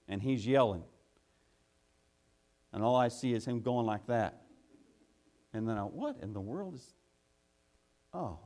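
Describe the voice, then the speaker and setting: A man preaching a sermon, telling a folksy work story that builds into loud, urgent preaching. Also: mid-range voice.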